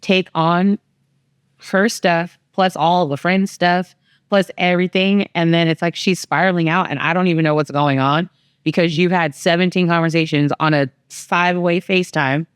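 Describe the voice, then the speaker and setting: Middle-aged mom, podcast co-host: lowish voice, dry close mic, lively storyteller who acts out every quote. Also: female voice, moderate pace, clear, resonant tone, no echo. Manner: animated storyteller, acts out quotes with big pitch jumps. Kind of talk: candid family conversation.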